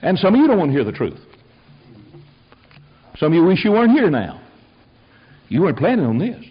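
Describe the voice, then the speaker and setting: An older male preacher with a husky, slightly high voice delivers a fiery, folksy sermon. His pitch swings widely as he climbs to shouted peaks. The recording sounds dull and lo-fi. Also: huge pitch swings, fairly quick. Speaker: pastor.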